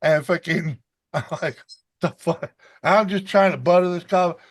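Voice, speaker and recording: A man's voice: high voice, normal speed. A man hosting a casual video call chat, rambling through a profane story and laughing often. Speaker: host.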